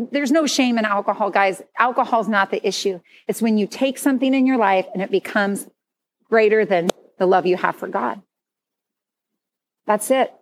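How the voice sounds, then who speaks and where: A middle-aged woman giving a candid, conversational sermon testimony at church. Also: mid-range voice. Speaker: speaker at church.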